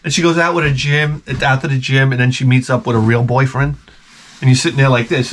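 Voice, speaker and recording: A man who installs closets, telling a profane, animated story in a casual rant and acting out the people in it. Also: mid-range voice, fairly quick, a little hiss or hum.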